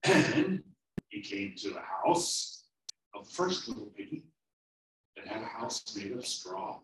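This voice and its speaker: Preacher guy telling kids a story, lively up and down voice, echoey room. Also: lowish voice. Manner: slow, expressive, animated storytelling. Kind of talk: children's sermon storytelling. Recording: roomy, from far off.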